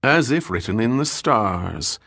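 A man doing a suave, flattering gem dealer. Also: lowish voice, unhurried, gravelly, husky, dry recording, studio quality, full character voice. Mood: courtly. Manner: flowery, ceremonious politeness.

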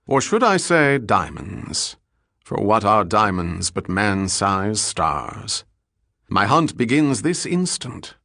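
A man's voice: lowish voice, sing-song, slow, gravelly, sharp tone, no room sound, studio quality, heavily acted. A man voicing a suave, courtly male gem dealer who speaks with flowery, ceremonious politeness.

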